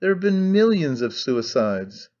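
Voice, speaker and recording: A man's voice: on the high side, big pitch swings, a little slow, darkish tone, highs cut off. A man voicing a skeptical young man who questions his companion in a dry, probing manner. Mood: questioning. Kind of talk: audiobook character reading.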